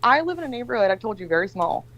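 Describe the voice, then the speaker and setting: A woman's voice: fairly high pitch, sing-song, racing, a bit bright, faint music behind, poor audio. A woman in her forties on a video call, casually telling a long, rambling story full of swearing and acted-out quotes. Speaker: livestream guest.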